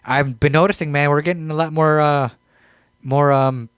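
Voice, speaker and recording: A man's voice: fairly high pitch, fairly even intonation, normal speed, fairly bright tone, clean tone, no room sound, studio quality. A man co-hosting a comedy podcast in casual chat, laid-back and rambling, with plenty of fillers. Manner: laid-back, rambling, quotes others in mock voices. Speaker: podcast co-host.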